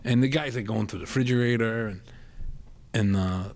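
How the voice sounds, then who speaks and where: A middle-aged man with a Rhode Island accent who spins a rambling family tale on a podcast. His voice sits at an ordinary middle pitch, and he keeps doubling back and breaking into the voices of the people in the story. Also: a little fast. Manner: rambling, animated storyteller acting out quoted voices. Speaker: podcast co-host, comedian. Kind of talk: storytelling in casual chat.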